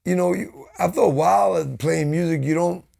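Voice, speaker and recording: Gravelly New York man telling stories. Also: sits high, fairly quick, darkish tone. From United States. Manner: rambling, profane storytelling with frequent "bro" and "man". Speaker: podcast guest, band vocalist. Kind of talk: casual chat.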